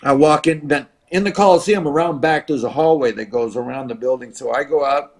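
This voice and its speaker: A man in his seventies from the United States, a retired wrestler telling an animated anecdote as an interview guest. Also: mid-range voice, a little fast. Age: 70s. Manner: animated, acts out quoted voices and crowd noise. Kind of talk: storytelling anecdote.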